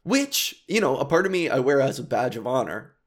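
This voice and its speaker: A man's voice: medium pitch, animated, fast talker. Solo comedy podcast host, man in his 30s, confessional and self-mocking, stumbling through restarts, still raw from crying. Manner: self-deprecating, rambling, with frequent restarts. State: emotional, recently cried.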